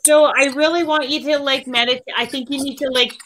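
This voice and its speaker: Co-host, woman, slightly high and very bright voice, earnest rambling tarot advice. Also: steady tone, quick pace, slight background noise, low-quality recording. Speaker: co-host reading tarot cards. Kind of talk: casual livestream chat.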